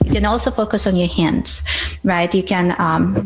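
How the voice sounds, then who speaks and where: A woman speaking as a guest expert, answering questions calmly and patiently, often checking in with "right?" and pausing on fillers. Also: fairly low pitch, low-quality recording. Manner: calm, patient, says "right?" a lot, many fillers. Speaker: mental health guest expert. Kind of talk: explanatory interview answers.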